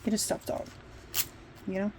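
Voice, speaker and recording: A woman's voice: normal speed, a little mellow, slight background noise. A woman chatting casually and candidly while decorating her planner at home, rambling a bit and swearing now and then. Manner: rambling, candid, mildly profane. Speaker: planner vlogger.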